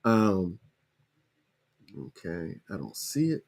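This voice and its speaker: A man hosting a podcast, casually walking viewers through a screen-share tutorial, repeating himself and spelling things out slowly. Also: low-pitched, very animated, darkish tone. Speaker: podcast host.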